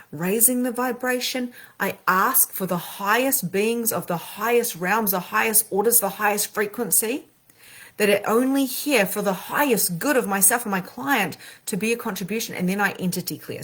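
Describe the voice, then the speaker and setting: A woman, a spiritual coach and medium, talking casually and animatedly with slang, her voice swinging between loud and soft. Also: mid-range voice. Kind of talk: casual motivational talk.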